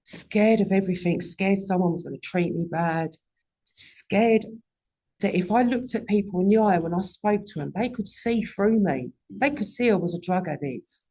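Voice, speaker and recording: A woman's voice: fairly low pitch, moderate pace, hardly any pauses, dark tone, husky. A woman in her forties giving a raw, candid personal testimony at a recovery meeting and swearing often.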